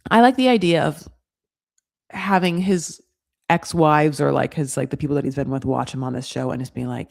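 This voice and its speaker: An American woman hosting a reality TV recap in casual talk, blunt and profane, with sarcastic rants, many fillers and quick asides. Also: deep voice, gravelly, darkish tone. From United States.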